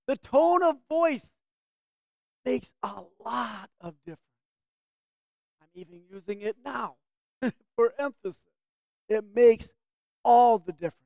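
A woman's voice: on the high side, dry recording. A woman leading a Bible class, teaching the group and asking them questions to draw out answers.

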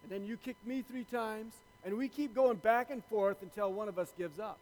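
A man voicing a gruff old retired male farmer in a joke he tells, speaking low and curt. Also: normal speed, darkish tone, lightly acted, rough recording. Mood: dry, unbothered.

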